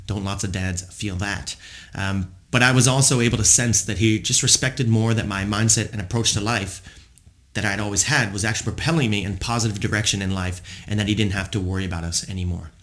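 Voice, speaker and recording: Guy in his 40s hosting a podcast, lowish voice, rambly and reflective, lots of ums. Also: steady tone, fairly quick, a bit bright. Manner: rambling, many fillers, self-reflective. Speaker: podcast host. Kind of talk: reflective personal monologue.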